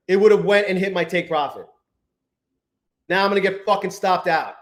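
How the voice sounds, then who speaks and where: A man hosting a live trading stream, chatting with viewers, swearing often and swinging between low mutters and exasperated outbursts. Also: moderate pace, long pauses, roomy sound. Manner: profane, exasperated, talks to chat. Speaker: livestream trading host.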